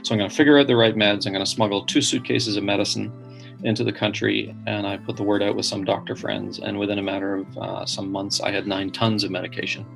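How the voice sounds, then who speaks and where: Gravelly man telling a story. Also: lowish voice, fast talker, soft background music. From Northern Ireland. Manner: animated storyteller, earnest, frequent restarts. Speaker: podcast guest. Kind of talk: storytelling interview.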